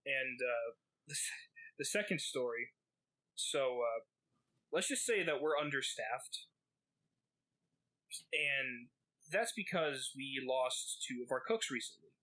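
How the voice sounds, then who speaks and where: A man's voice: mid-range voice, animated, slow pace, pauses often, sharp tone, poor audio. A man co-hosting a podcast, telling a rambling, profane story full of fillers. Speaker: podcast co-host. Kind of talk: casual storytelling.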